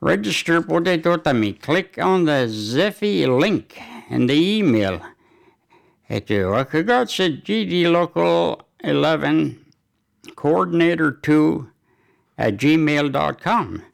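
A man giving community announcements and hockey news, speaking haltingly with many fillers and restarts. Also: on the high side, animated, vocal fry.

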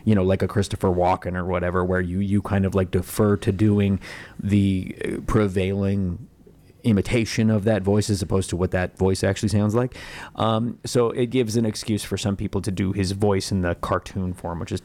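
A man's voice: deep voice, fairly even intonation, moderate pace, darkish tone. A man chatting casually as a film reviewer, rambling with many fillers and restarts.

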